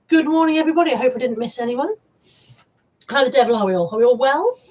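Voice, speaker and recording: A woman's voice: sits high, fast talker, a little mellow. A woman hosting a casual live stream from home, greeting viewers by name in a chatty way. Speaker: live stream host, reseller. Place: home room.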